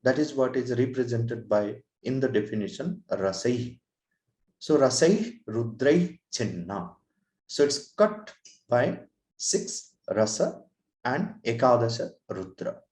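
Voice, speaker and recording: A man teaching Sanskrit verse meters in a lecture, explaining slowly and deliberately, then chanting verses melodically. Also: mid-range voice, expressive, a little mellow, echoey room, rough recording.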